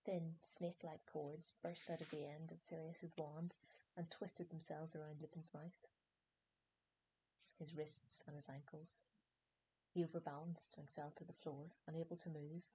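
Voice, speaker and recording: A woman narrating a fantasy novel audiobook in steady, measured storytelling. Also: deep voice, a little hiss or hum, poor audio.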